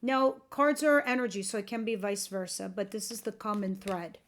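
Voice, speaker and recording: A woman's voice: medium pitch, steady tone, normal speed, a little hiss or hum. A woman giving a tarot reading to camera, chatty and earnest, talking straight to her viewers, a bit tired and yawning. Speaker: tarot reader.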